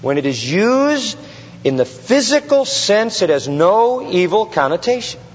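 Man, preacher, expository sermon, emphatic repetition, rhetorical questions, slightly high voice, dull lo-fi recording. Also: sing-song, measured pace. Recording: long hall reverb, dull lo-fi sound.

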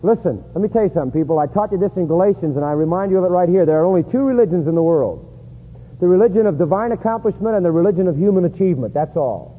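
A man preaching a sermon in an emphatic style, rising high and loud to stress points. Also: expressive, rapid-fire, breathy edge. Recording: echoey hall on a tinny lo-fi line.

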